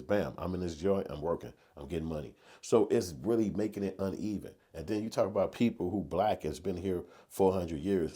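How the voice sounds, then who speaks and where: A man's voice: deep voice, brisk, few pauses, warm tone, breathy edge. A man giving a casual, slangy opinion monologue that builds to emphatic rants. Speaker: commentary vlogger.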